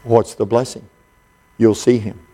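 A man preaching a sermon in an unhurried, folksy storytelling way, with frequent pauses and fillers. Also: mid-range voice, level tone, warm tone.

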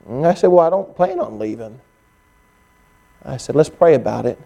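A male pastor preaching a sermon, telling stories and acting out what others said to him, often rising to an excited, strained pitch. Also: normal speed, gravelly, long pauses. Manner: storytelling preacher, climbing to high excited pitch when quoting others.

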